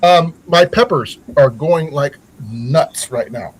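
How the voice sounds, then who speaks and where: A man's voice: fairly high pitch, takes it slowly, slightly rough, poor audio. A man hosting a casual livestream chat, rambling with many fillers and restarts. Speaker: channel host.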